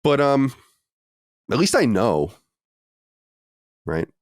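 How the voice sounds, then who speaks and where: A man's voice: medium pitch, big pitch swings, drawn-out words, clear, resonant tone, no echo, clean studio sound. A man hosting a podcast in loose, rambling, self-deprecating casual chat. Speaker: podcast host.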